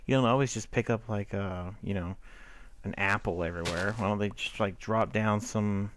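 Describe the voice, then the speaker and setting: A man's voice: on the low side, normal speed, fairly bright tone, a little hiss or hum. A man giving casual commentary while he plays a block-building game, chatting to his animals and the monsters. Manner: chatty, talks to his in-game sheep and mobs, hums. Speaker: gameplay commentator.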